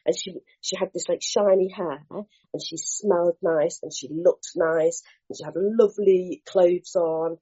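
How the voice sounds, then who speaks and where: A woman sharing her recovery story at a meeting, candid and lively, acting out scenes with slang and the odd swear. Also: lowish voice, moderate pace, slightly rough. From Bristol, England. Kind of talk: animated personal storytelling. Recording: dull lo-fi meeting recording.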